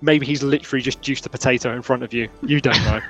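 A man's voice: medium pitch, steady tone, fast, a bit bright, faint music behind. A man narrating as game master in a rambling, filler-heavy way.

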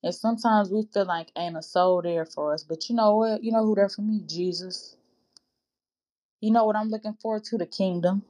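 A woman's voice: medium pitch, fairly even intonation, moderate pace, dark tone. A woman hosting a faith-based podcast for women, speaking earnestly and informally to listeners she calls sis and baby, in a preacherly, exhorting way. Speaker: podcast host.

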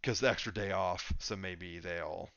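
A man's voice: low voice, steady tone, unhurried, fairly bright tone, no room sound, dull audio. A man co-hosting a podcast, chatting casually and thinking aloud with lots of fillers. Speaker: podcast co-host. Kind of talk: casual sports chat.

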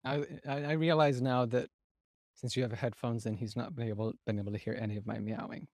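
Measured podcast guest on a call. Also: medium pitch, steady tone, darkish tone, no echo, studio quality. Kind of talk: casual chat wrapping up a remote conversation.

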